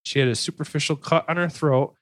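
A man's voice: fairly high pitch, steady tone, brisk, fairly bright tone, no echo. Crude joking man hosting a podcast. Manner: reads case notes, then riffs with crude jokes. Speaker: podcast host. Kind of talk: casual true-crime podcast chat.

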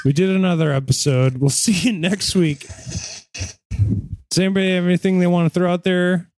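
A man's voice: high voice, fairly even intonation, fairly quick, dry recording, studio quality. A man hosting a comedy podcast, playful and steering the chat. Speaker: podcast host.

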